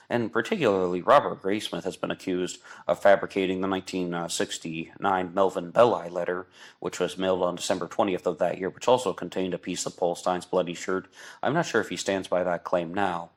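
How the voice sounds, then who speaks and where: A podcast host with a low, deep voice runs an online radio show of casual, rambling true-crime commentary. Talkative and going on at length, he slips into exasperated asides and mocks people with put-on voices.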